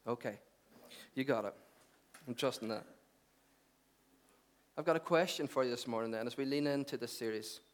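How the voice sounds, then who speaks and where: A man preaching a sermon, building to loud proclamations and dropping to hushed, intense passages. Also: medium pitch, moderate pace, pauses often.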